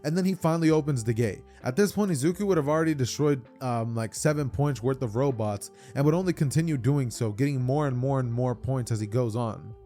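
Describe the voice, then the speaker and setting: A man narrating a fan-made story in a loose, slangy, chatty way, stumbling over and restarting his phrases. His voice is mellow and soft-edged, at an ordinary pitch, with faint music underneath. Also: brisk, hardly any pauses. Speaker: YouTube storyteller. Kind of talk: casual fan-fiction retelling.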